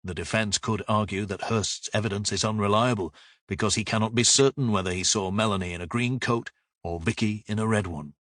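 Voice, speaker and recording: A man reading a crime audiobook in calm, even narration. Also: on the low side, brisk, no room sound, clean studio sound. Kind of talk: scripted narration.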